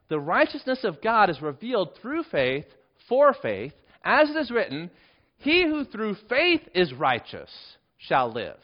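A man preaching a sermon and teaching from scripture, with emphatic rises and drops in pitch and volume. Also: dull audio. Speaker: pastor.

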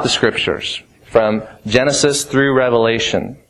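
Male preacher, lighter high voice, fervent sermon delivery that drops low and grave for emphasis. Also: big pitch swings, measured pace, fairly bright tone, low-quality recording. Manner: emphatic, swings between rising fervor and low grave tones.

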